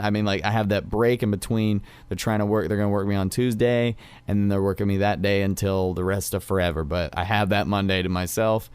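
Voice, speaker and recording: A man's voice: fairly low pitch, clean tone, dry recording. A young man telling a rambling story in casual chat, full of fillers.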